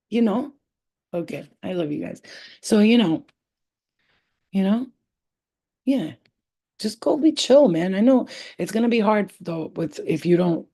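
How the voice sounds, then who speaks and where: A woman with a fairly low, mellow voice chats through a casual spiritual livestream. She rambles in street slang and swears freely. She keeps telling her viewers she loves them. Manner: affectionate toward viewers, often saying she loves them. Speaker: spiritual reader hosting a livestream.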